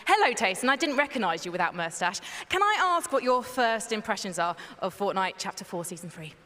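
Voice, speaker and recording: A woman's voice: medium pitch, very animated, brisk, bright, forceful tone. A woman working as a floor reporter at a live esports event, teasing and chatty as she interviews players. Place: large historic hall at a live event. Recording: echoey hall with long reverb.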